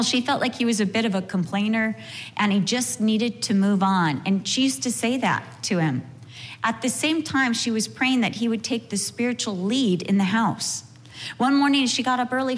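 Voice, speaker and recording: A woman giving an earnest, storytelling talk on marriage, with touches of gentle humor, in sermon style. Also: mid-range voice, long reverb tail. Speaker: speaker at a marriage session. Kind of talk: sermon-style teaching with anecdotes.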